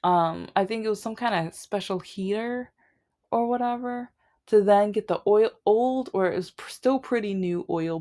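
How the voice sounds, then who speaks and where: A woman's voice: medium pitch, darkish tone. Rambling woman vlogger telling a grievance. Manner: rambling, aggrieved storytelling with many restarts. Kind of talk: casual storytime rant.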